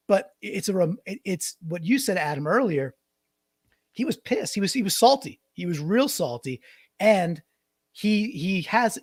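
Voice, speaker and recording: A man's voice: high voice, no echo, studio quality. Chatty, rambling podcast co-host man. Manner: rambling, restarts, mocks quotes with put-on voices. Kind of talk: casual sports podcast chat.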